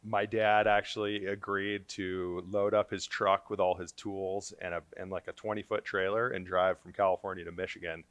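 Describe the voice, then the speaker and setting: A man's voice: low voice, level tone, normal speed, few pauses, a bit bright, no echo. A man who is a podcast guest, telling a story casually with hesitant fillers. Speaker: guest, business owner.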